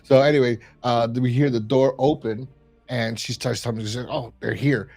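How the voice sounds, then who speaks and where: A man's voice: mid-range voice, fairly even intonation, moderate pace, a little mellow, faint music behind. A man hosting a review podcast, chatting casually and rambling with lots of fillers. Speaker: podcast host reviewing a horror episode. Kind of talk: casual chat.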